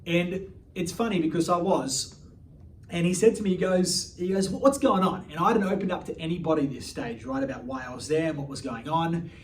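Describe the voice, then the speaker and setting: A man's voice: a little high, expressive, a little fast. A man, a coach telling a personal story in a blunt, swearing manner with many restarts. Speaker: life coach. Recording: distant mic, faint background noise.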